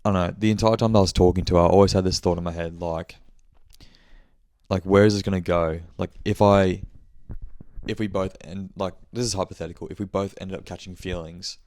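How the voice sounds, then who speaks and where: A man's voice: low-pitched, fairly even intonation, a little fast, darkish tone, no room sound. A young man telling a rambling story on his podcast, swearing and correcting himself as he goes. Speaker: podcast host. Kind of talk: casual monthly check-in chat.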